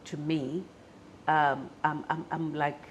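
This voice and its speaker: A South African woman, a guest in an interview, telling stories with animated restarts and acting out the voices of people she quotes. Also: low-pitched, slow, dull audio, slight background noise. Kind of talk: storytelling in an interview.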